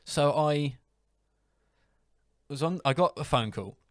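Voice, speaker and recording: A man's voice: fairly high pitch, expressive, takes it slowly, dry recording. Dry-voiced guy telling stories. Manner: rambling storyteller, laughs often, restarts. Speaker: podcast host. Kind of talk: casual chat.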